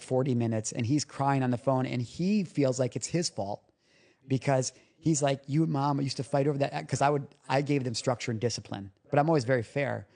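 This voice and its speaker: The speaker is a male recovery coach on a podcast, whose medium-pitched voice sounds gravelly and dark. He tells personal stories in the interview candidly and emotionally, swearing casually as he goes.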